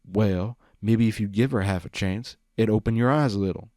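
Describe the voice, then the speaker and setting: A man voicing a big male pony warrior in a storybook reading, loud and emotional. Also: on the low side, moderate pace, no room sound, studio quality, natural voice. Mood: pleading.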